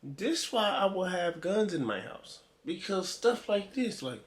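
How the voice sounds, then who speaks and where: A man's voice: sits high, very animated, measured pace, hardly any pauses. A man hosting a reaction video, giving casual, joking, slang-filled commentary.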